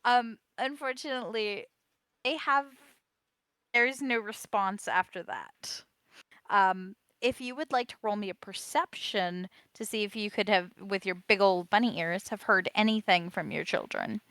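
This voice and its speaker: A woman running a tabletop game as game master, narrating haltingly with many fillers. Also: mid-range voice, fairly bright tone, clear, resonant tone, dry recording.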